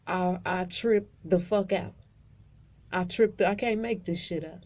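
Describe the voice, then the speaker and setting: Woman, profane animated storytelling, mellow tone, slightly dull recording. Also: fairly low pitch, measured pace. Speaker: vlogger. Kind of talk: casual storytelling to camera.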